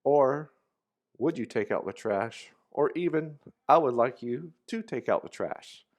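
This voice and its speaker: A man teaches an English grammar lesson in a loose, casual way. His voice sits at an ordinary middle pitch, and he drops in easy fillers as he explains. The delivery feels like a friendly walkthrough. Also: expressive, unhurried, darkish tone.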